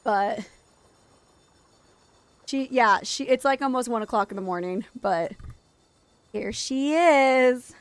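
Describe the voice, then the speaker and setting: Chatty streamer mom, higher voice. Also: female voice, slow, pauses often. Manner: chatty, laughs often, coos softly to her toddler. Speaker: game streamer and mother. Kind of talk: casual live-stream chat. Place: home, late at night.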